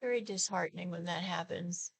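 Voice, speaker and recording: A woman's voice: lowish voice, gravelly. A woman in her sixties chatting casually while she applies her makeup for a get-ready-with-me video. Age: 60s. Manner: slow, chatty, talks while applying makeup. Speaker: beauty vlogger.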